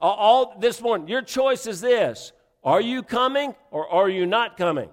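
A man's voice: sits high, expressive, a little slow. A man preaching a sermon, fervent and conversational, repeating phrases and restarting lines as he builds. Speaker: pastor.

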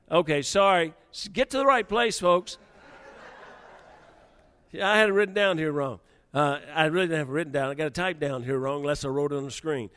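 A man preaching a sermon, halting and repeating words, growing excited as he reads scripture. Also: sits high. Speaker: pastor. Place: church sanctuary. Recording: long hall reverb.

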